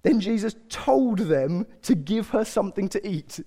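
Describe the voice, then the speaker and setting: Male preacher, middle-aged, slightly high voice, sermon with long hall reverb. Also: a little slow, husky. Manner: animated, conversational, acts out quotes with humour.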